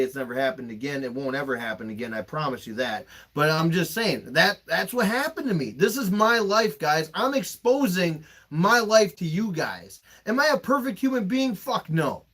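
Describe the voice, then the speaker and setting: Young guy podcast host, kinda high voice, emotional and emphatic, swears a lot. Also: a bit bright. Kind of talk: candid podcast storytelling.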